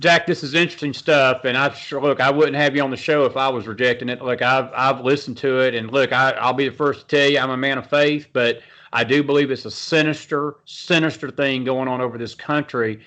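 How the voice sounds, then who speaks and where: A man's voice: mid-range voice, steady tone, fairly quick, hardly any pauses, fairly bright tone. A middle-aged man hosting a talk show, speaking in an earnest, folksy, repetitive way. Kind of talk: conversational interview talk.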